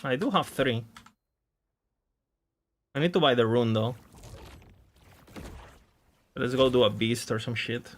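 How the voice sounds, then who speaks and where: A man's voice: medium pitch, slow pace, pauses often. Chatty man streaming a game. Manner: rambling, chatty, laughs at himself. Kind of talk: casual live-stream chat.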